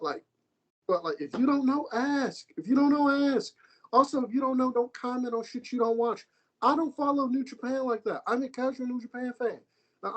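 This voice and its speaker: An American man talking wrestling on a casual podcast, animated and swearing, repeating himself as he rants. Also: very high-pitched, low-quality recording. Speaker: podcast co-host.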